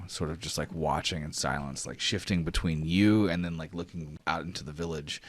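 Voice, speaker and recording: Give me a low-voiced man running a tabletop game, casual and rambling. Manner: casual, many fillers like "like". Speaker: game master.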